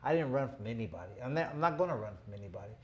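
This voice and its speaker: Telling stories on his boxing show, a man in his fifties talks in a casual, rambling, tough manner laced with "you know." His mid-range voice is animated and rapid-fire, and the audio sounds dull.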